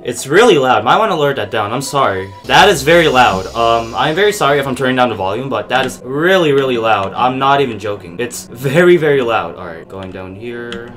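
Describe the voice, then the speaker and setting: Male gamer, mid pitch, jumpy, curses at the game, game music behind. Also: lively intonation, a little fast, few pauses, a bit bright. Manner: jumpy, swears and talks back to the game. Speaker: gaming YouTuber. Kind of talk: gameplay commentary.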